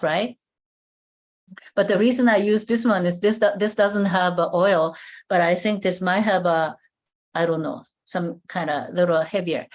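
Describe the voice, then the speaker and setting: A woman with a fairly low-pitched voice runs a live skincare demo on a video call. Her step-by-step explanation stumbles along with lots of fillers and false starts.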